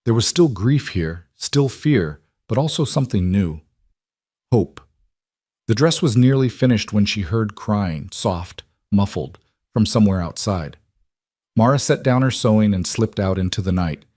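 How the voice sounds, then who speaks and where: Low-voiced male storyteller, dry close sound. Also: animated, unhurried, darkish tone, dry recording. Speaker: narrator. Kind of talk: scripted story narration.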